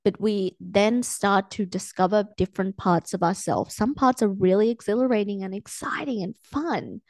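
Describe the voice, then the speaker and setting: A young adult woman hosts her own coaching podcast, chatting casually on her own with plenty of fillers and acting out her quoted thoughts. Her voice is medium-pitched at a moderate pace, with no room sound.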